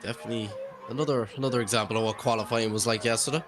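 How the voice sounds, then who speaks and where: A man, judging and co-commentating live, speaking in a measured, hesitant way with many fillers. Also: on the low side, steady tone, over music. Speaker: judge and co-commentator.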